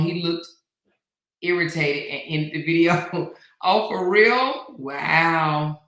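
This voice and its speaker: Loud, laughing woman host in an echoey room. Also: deep voice. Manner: loud, laughing, teasing, swearing. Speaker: commentary channel host. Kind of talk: casual gossip chat reading live comments.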